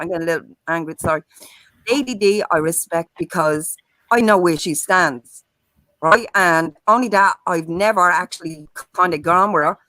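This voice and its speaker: A woman's voice: lowish voice, bright, forceful tone, dry recording, rough recording. A woman on a live-stream panel, talking bluntly and heatedly and swearing often. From Ireland.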